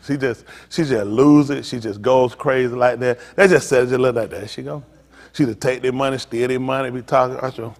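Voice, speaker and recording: A man's voice: medium pitch, sing-song, brisk, fairly bright tone, in a large hall. An older man, a pastor, teasing a group and telling funny stories in a loose, joking way. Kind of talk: comedic storytelling to a group.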